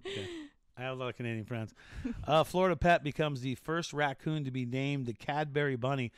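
A man's voice: mid-range voice, brisk, clear, resonant tone, no room sound, studio quality. A man hosting a casual show, joking and rambling through odd news stories with restarts. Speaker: show host.

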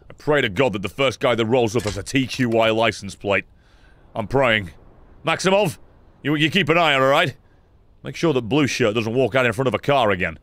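A young man giving sarcastic, swearing commentary while playing a game, with sudden loud outbursts. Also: mid-range voice, animated, a little fast, no echo. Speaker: gaming YouTuber. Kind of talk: let's play commentary.

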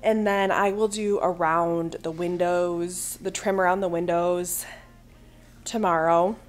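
A woman's voice: lowish voice, steady tone, slow pace. A woman in her thirties chatting casually and rambling upbeat about painting her living room, speaking to a camera mic in her home. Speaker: home renovation vlogger. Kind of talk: casual vlog chat.

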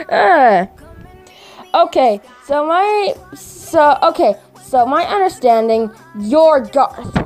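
Young-sounding woman reading fan fiction aloud: very animated, high pitch, giggles and stumbles, chats between lines. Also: extremely slow, soft background music. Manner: giggly, stumbles over words, chatty asides. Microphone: desk microphone.

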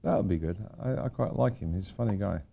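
A man's voice: lowish voice, fairly quick, vocal fry, dark tone, slightly rough. An older man giving an informal architecture lecture to students, rambling with wry, self-deprecating asides. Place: lecture hall at a university.

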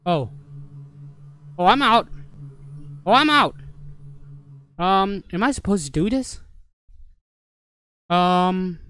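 A gamer commenting on a horror game in broken, second-language English, swearing and shouting at the screen. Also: medium pitch, lively intonation, takes it slowly, pauses often, smooth. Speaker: let's play gamer.

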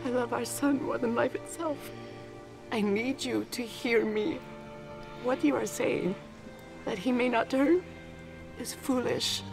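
A woman's voice: on the high side, a little slow, gravelly, pauses often. A grieving mother, pleading. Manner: pleading, tearful. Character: grieving mother pleading over her son. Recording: game audio with music behind.

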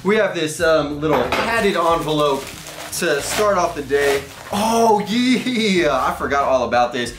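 A man's voice: on the high side, a little slow, roomy sound, noisy background. A young man from Texas, rambling and joking in slang as he unboxes items for his vlog. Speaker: vlogger.

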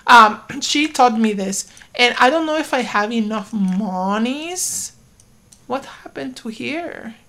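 A woman giving casual let's-play commentary, excitable and talking to her game characters, with sudden loud outbursts. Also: fairly high pitch, slow. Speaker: gaming YouTuber.

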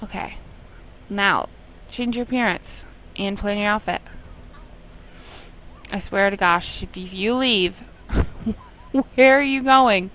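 A woman's voice: mid-range voice, takes it slowly, pauses often, a bit bright, a little hiss or hum, rough recording. A young woman casually commenting on her life-sim game, chatting to herself and scolding her characters in exasperated asides. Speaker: gameplay commentator. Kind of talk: casual let's play commentary.

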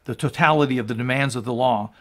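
A man in his sixties, a pastor preaching, moving from quiet teaching to loud, fervent proclamation. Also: medium pitch, fast talker. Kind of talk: sermon.

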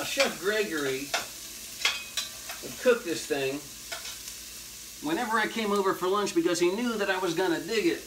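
Male cooking-show host, slightly high voice, casual jokey patter, loud frying behind. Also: heavy background noise. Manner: folksy, jokey, hip slang. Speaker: horror movie host doing a cooking segment. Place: home kitchen at the stove. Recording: loud sizzling and frying in the background.

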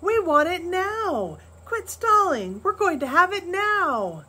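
A woman voicing an angry crowd of working men shouting demands in a story read aloud. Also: very high voice, big pitch swings, slow, voice pushed up, exaggerated voice. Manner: shouting, insistent.

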